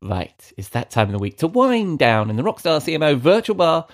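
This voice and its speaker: A man's voice: on the high side, big pitch swings, fairly quick. A man hosting a podcast in casual, jokey chat, laughing often and calling his co-host mate.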